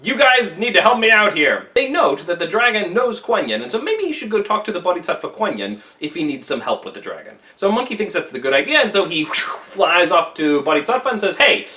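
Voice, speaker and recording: A man teaching a classic story in a wry, casual, conversational way, pausing to comment on its meaning. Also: sits high, sing-song, pushed and bright, far from the mic. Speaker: literature teacher.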